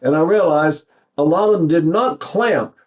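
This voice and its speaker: At a moderate pace, a man with a slightly high voice teaches singing and demonstrates in song. He's an older East Texan, folksy and rambling, with many restarts.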